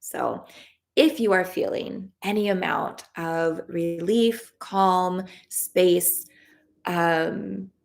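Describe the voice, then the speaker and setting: Casting: low, gravelly woman, soothing tapping-session guide, warmly affirming. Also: fairly even intonation, drawn-out words. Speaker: EFT tapping practitioner leading a live session. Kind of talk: guided tapping script, then reading live chat. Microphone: livestream camera mic.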